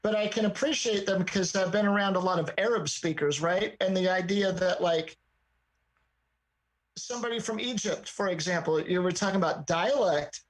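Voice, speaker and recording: A mid-pitched, husky voice speaks animatedly in a loose podcast conversation. The talk is emphatic and chatty, with frequent asides to the listener. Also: normal speed, low-quality recording. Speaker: podcast co-host. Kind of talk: casual discussion.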